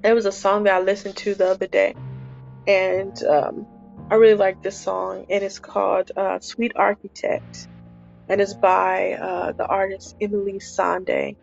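A woman's voice: medium pitch, flat delivery, a little slow, gravelly, darkish tone. A woman hosting a devotional podcast, speaking earnestly and repeating her phrases for emphasis. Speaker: podcast host. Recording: dull lo-fi recording, faint music.

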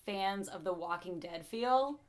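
A woman co-hosts a podcast in a casual, animated chat, swearing freely. Her voice is strained and half gone from a night of shouting. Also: mid-range voice, a little slow, crowd noise. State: losing her voice. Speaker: podcast co-host.

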